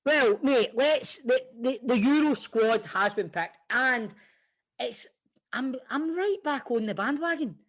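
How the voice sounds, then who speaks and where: A man's voice: extremely high pitch, lively intonation, slow pace, a bit bright. A Scottish man hosting a football podcast, bantering casually and swearing freely. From Scotland. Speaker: podcast host.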